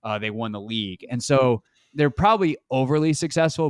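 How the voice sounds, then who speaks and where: A man's voice: medium pitch, expressive, fairly quick, smooth, no echo, studio quality. A young man hosting a casual sports podcast, talking in a loose, rambling way with many fillers and restarts. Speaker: podcast host.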